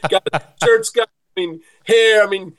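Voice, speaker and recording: Middle-aged man, high pitch, chatty agent who tells stories animatedly. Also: normal speed, poor audio. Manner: animated storyteller, laughs often. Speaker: sports agent. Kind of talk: casual chat.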